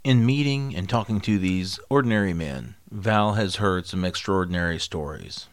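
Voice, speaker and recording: A male podcast host reading a scripted narration in a measured, even way. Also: low-pitched. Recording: narration over guitar music.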